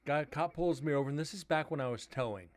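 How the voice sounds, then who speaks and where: A man's voice: on the high side, fast. A man hosting a live stream, casually telling a story and acting out both sides of the dialogue.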